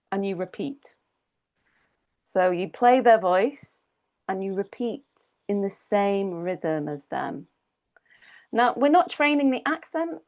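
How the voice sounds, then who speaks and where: A woman's voice: medium pitch, darkish tone. A woman with an English accent, an English coach answering questions in a live stream and patiently explaining step by step with examples. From England.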